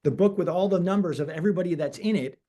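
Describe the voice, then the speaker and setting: A man in his forties, a real estate broker, telling animated stories on a webinar interview and acting out the dialogue. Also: sits high, quick pace.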